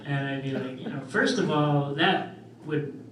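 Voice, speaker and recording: A young man doing a stand-up comedy set, deadpan and self-deprecating, with trailing fillers. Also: on the high side, measured pace, slight background noise. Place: club stage in front of a live audience. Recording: roomy club audio from far off. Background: audience laughter.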